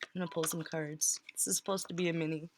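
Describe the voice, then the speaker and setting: A woman giving a casual tarot reading, chatty and quick to laugh, often breaking off and restarting her words. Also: sits low, steady tone, dry recording. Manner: chatty, laughs easily, breaks off mid-word. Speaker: tarot reader.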